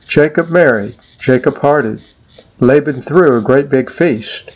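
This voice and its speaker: A man's voice: mid-range voice, slow pace, a little mellow, muffled recording. Man reading a rhyming poem. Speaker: poem narrator. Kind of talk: rhyming scripted narration.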